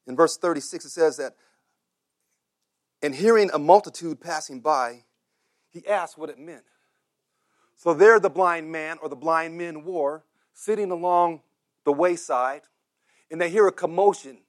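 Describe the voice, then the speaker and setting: A man preaching a sermon who acts out the voices of beggars and crowds, repeats words and builds up to shouted cries. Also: on the high side, a little slow, long pauses.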